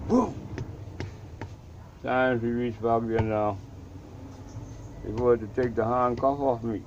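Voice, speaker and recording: An older Bahamian man tells a story from his own life with vivid, dramatic energy and slips into the voices of the people in it. The sound is dull and lo-fi, with clear noise behind him. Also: medium pitch. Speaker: Rastafarian elder telling his life story. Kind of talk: storytelling in an interview.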